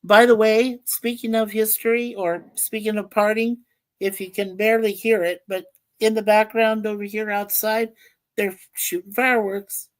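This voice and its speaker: A woman's voice: medium pitch, level tone, normal speed, dry recording. A woman co-hosting a casual livestream, laughing often and reading viewer comments aloud. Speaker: livestream co-host reading chat. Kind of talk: casual chat.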